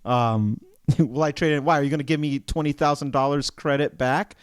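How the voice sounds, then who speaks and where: A man's voice: on the high side, normal speed, smooth, no room sound, studio quality. A man co-hosting a podcast, chatting casually and acting out the other people in his stories. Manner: animated storyteller, acts out dealer dialogue. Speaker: podcast co-host. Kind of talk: casual chat.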